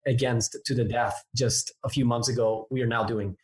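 A man's voice: medium pitch, fairly even intonation, moderate pace, darkish tone. A man from Newark, New Jersey, with a mixed American accent, chatting upbeat as a pastor guest on a podcast interview.

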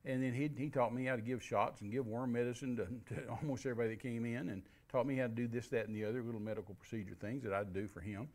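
A man's voice: medium pitch, fairly even intonation, fast talker, few pauses, darkish tone. An older man, preaching and telling a story in a folksy way. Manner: folksy storytelling with restarts and laughs. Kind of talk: sermon storytelling.

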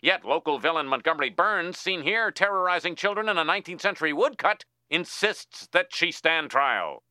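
A cartoon TV news anchor reads a report in formal newscast style. His voice is very bright and slightly high, and it sounds dry and close. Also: animated, moderate pace, few pauses, no echo. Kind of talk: newscast delivery.

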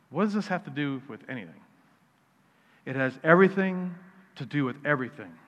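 A man's voice: a little high, expressive, brisk, a bit bright. A male pastor preaching a sermon in a conversational, needling way, restarting and repeating words as he goes. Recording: reverberant hall, dull sound.

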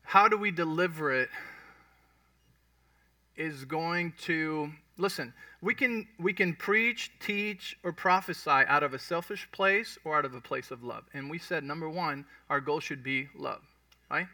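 A man preaches in an easy, conversational way and keeps checking in with his listeners. His voice is high and very bright. The sound is dry and picked up from a distance. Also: measured pace, no echo. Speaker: pastor. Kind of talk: sermon teaching.

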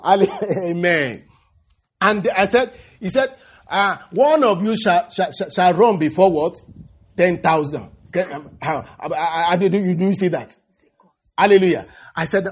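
A man preaching a sermon, halting and repeating words, breaking in with hallelujahs and praise the Lords. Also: high-pitched, expressive, slightly rough. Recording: dull lo-fi recording.

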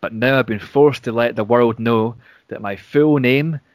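A man's voice: mid-range voice, measured pace, no room sound, natural voice. A man reading out a cocky wrestler. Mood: defiant. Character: defiant male wrestler, cocky.

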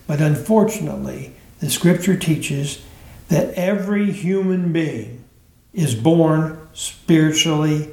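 A man's voice: fairly high pitch, a little mellow, roomy sound. Earnest man teaching a Bible class. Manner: earnest teaching with slow, emphatic phrasing. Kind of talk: Bible lesson.

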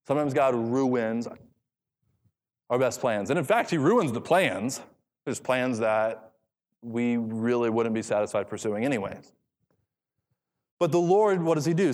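A man preaching an expository sermon, reading scripture aloud and repeating key phrases for emphasis. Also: medium pitch. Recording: long hall reverb.

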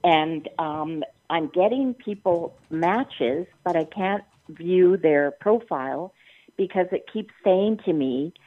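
Over a tinny phone line, an older Canadian woman targeted by a prank call complains at length, upset and close to tears. Indignant and long-winded, she keeps circling back to repeat her grievance, speaking slowly and expressively in a lowish voice.

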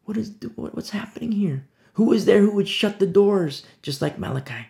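A man gives a casual, conversational sermon, slipping into short acted-out scenes as he goes. His voice is gravelly with a pitch a touch higher than most men's. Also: lively intonation, moderate pace, dark tone. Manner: conversational preaching, acting out little scenes. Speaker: pastor. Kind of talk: informal sermon on a Bible passage.

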